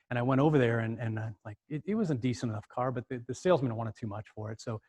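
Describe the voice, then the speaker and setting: A middle-aged man tells a story in a lively way, repeating words as he goes. His pitch sits at an ordinary middle height for a man. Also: quick pace, hardly any pauses. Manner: animated, acts out the other voices, repeats words as he goes. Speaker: speaker. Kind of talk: storytelling talk.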